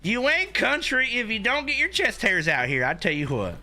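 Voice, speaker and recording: A man's voice: high voice, wildly swooping pitch, moderate pace, sharp tone, soft background music. A young man hosting a live stream in casual chat, hyped and rambling, with lots of filler words.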